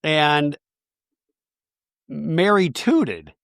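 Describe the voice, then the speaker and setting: A man's voice: fairly high pitch, very slow, gravelly, no room sound, studio quality. A man hosting a podcast, recapping a reality show in a chatty, gossipy, comedic way. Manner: animated, chatty, gossipy storytelling. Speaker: podcast host.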